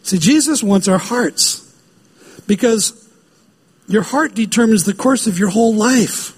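A man's voice: high voice, lively intonation, a little slow, slightly rough. A man preaching a sermon as pastor, emphatic and given to repeating key phrases.

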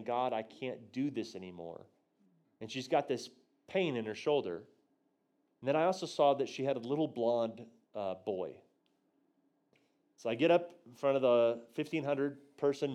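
A man telling a story in a sermon on prophecy to his church group plays out his own quotes animatedly, his pitch and volume swinging widely. He hushes for the tender parts and gets loud on the punchlines.

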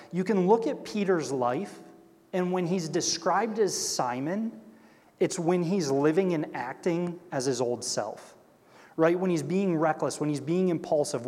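A Bible teacher with a fairly high, slightly mellow voice reads scripture aloud and explains it conversationally, often checking in with "right?". He acts out quoted characters by shifting his voice, and the recording has long hall reverb.

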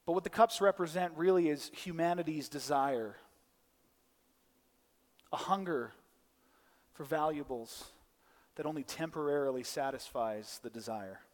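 Man, pastor, conversational sermon, restarts often, slightly high voice, echoing hall. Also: measured pace, long pauses. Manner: conversational, many restarts and side notes. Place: church.

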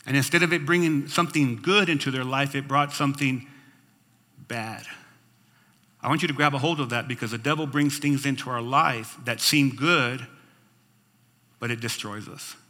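A man's voice: medium pitch, moderate pace, long pauses, long reverb tail. A man preaching as pastor, reading scripture aloud and breaking in with comments and calls of "Amen?" to the congregation. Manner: expressive, asks the congregation "Amen?" and "right?". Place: church sanctuary.

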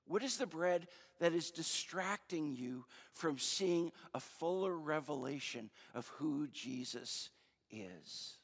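A man's voice: fairly high pitch, expressive, takes it slowly, creaky. Conversational male pastor in an echoey hall. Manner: conversational, searching, with many fillers. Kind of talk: sermon. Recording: long reverb of a large hall.

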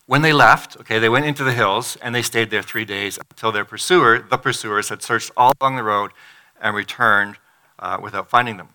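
A man's voice: fairly low pitch, normal speed, sharp tone, clear, resonant tone. A middle-aged pastor giving a conversational sermon, acting out the quotes from the story as he reads. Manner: conversational, acts out quotes from the text.

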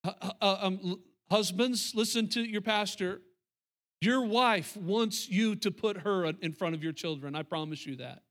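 A man's voice: high-pitched, moderate pace, a bit bright. A middle-aged male pastor preaching a sermon, emphatic and repetitive, talking straight to the congregation.

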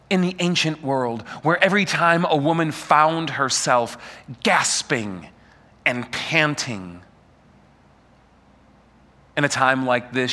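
A man preaching a sermon, animated and full of rhetorical questions aimed at the congregation. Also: mid-range voice.

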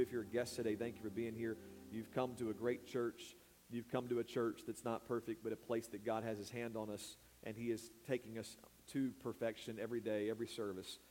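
A man's voice: mid-range voice, a little mellow. A man, a pastor preaching a sermon who calls out to the congregation to repeat words after him. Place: church sanctuary. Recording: long hall reverb.

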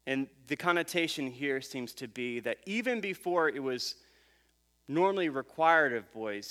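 A man in his thirties preaching a sermon, telling a family story in a relaxed, conversational way with fillers and restarts. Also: medium pitch, a little slow. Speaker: pastor.

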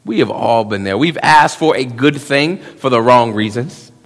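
A man, preaching a sermon, swinging between hushed asides and loud emphasis and acting out quick quotes. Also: mid-range voice, animated. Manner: drops into quick voiced quotes of young men. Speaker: pastor. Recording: long reverb of a church hall.

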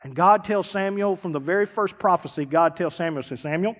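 Emphatic pastor in a reverberant hall. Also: male voice, high voice, brisk, hardly any pauses. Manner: emphatic preaching with dramatic swings from loud to hushed. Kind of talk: sermon.

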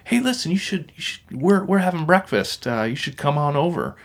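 A man's voice: medium pitch, moderate pace, creaky, fairly bright tone, pitched above the performer's own voice. A man voicing a friendly, hospitable male cyclist who talks in a bouncy, eager way.

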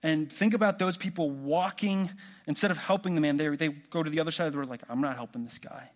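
A man preaching a sermon in a relaxed, conversational way, asking the congregation questions. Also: on the high side, quick pace. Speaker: pastor.

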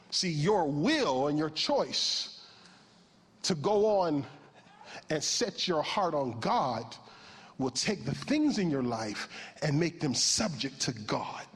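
A male preacher delivering a sermon with a lively, sweeping pitch that climbs into shouts and drops to near whispers. His voice is a little husky. It rings out with a long reverb, as in a large hall. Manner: animated, swings from hushed to shouting.

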